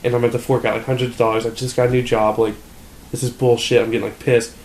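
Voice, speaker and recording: In an echoey room with a little background noise, a young man speeds through a meandering, profane story thick with fillers. His medium-pitched voice stays level in tone and has a darkish color.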